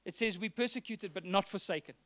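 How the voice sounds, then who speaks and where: A man's voice: high voice, brisk, fairly bright tone. A man preaching a sermon, earnest, acting out the dialogue he quotes. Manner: earnest, acts out quoted dialogue, some repeated words.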